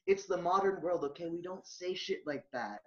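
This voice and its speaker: Animated male podcast host, higher voice, swears freely, dull lo-fi sound. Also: moderate pace, crowd noise. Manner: animated ranting, swears, loud laughs. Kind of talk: casual movie review chat. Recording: dull lo-fi audio.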